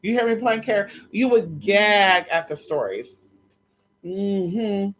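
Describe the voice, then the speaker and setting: A woman's voice: medium pitch, takes it slowly, a little hiss or hum. A woman in casual storytelling chat, sassy and profane, acting out both sides of conversations. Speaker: vlogger telling stories.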